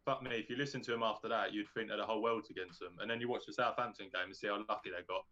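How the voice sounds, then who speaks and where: Fast-talking man, lo-fi sound. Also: lowish voice, steady tone, bright, forceful tone. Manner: blunt, swears freely, many restarts. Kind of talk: casual football chat. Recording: muffled lo-fi mic.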